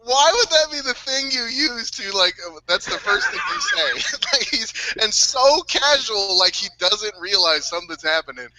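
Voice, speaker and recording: A man's voice: very high-pitched, sing-song, moderate pace, few pauses, noisy background. A man co-hosting a casual podcast, retelling a story while breaking into wheezing laughter and swearing freely. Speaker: podcast co-host.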